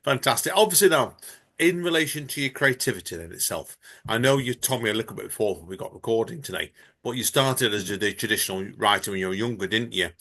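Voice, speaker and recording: A man's voice: on the low side, expressive, fast, pushed and bright. A man hosting a podcast, chatting in a rambling, friendly way. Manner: rambling, friendly, laughs often. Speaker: podcast host. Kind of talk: casual chat.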